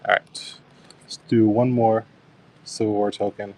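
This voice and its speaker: Low, flat-voiced man selling coins live. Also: unhurried, a little hiss or hum. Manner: easygoing, describes coins and thanks bidders. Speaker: coin auction seller. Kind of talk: live-stream auction chat.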